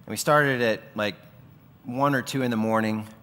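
A man's voice: mid-range voice, steady tone, normal speed, a bit bright, big-room sound. A man preaching a sermon as pastor, in a conversational, earnest way with everyday asides.

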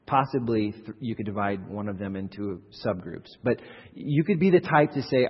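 Man, pastor, sermon, husky voice, long hall echo. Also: fairly low pitch, normal speed. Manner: animated, acts out quoted voices, repeats words. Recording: muffled hall recording from a distance.

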